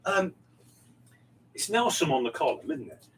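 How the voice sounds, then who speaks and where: A man, a barber, chatting with customers in a bubbly, excitable way and breaking into laughs. His fairly high voice leaps around in pitch. He is picked up from a distance with some faint background noise. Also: moderate pace. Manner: animated and excitable, laughs often, swears casually. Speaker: barber hosting a livestream. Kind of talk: casual chat.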